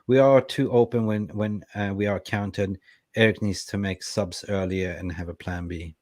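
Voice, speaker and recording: Guy reading out live chat on a footy fan stream, lowish voice, dry close sound. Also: normal speed, no echo. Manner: lively, reads viewer comments aloud. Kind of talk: casual football fan chat.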